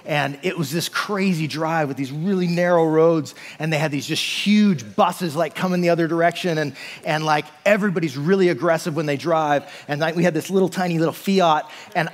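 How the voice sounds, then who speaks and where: A man's voice: a little high, a little fast, few pauses. Man preaching in a reverberant church. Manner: conversational, frequent "like" and "right?". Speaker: pastor. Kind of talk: sermon.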